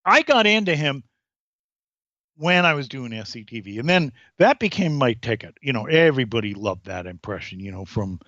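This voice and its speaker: A man guest on a podcast, telling anecdotes in an animated way and acting out the voices. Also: mid-range voice, moderate pace, no room sound, dull audio. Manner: animated storyteller, acts out voices. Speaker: comedian guest.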